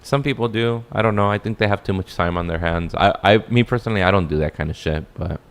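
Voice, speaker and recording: A man's voice: on the low side, fast talker, smooth. A man from Los Angeles, a comedian guest in a casual podcast chat, laid-back, cursing freely and laughing often.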